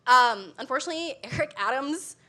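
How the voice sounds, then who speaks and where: Animated bright-voiced woman. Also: high-pitched, brisk. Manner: animated, laughing often. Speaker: comedy show guest. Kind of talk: comedic talk to a live audience.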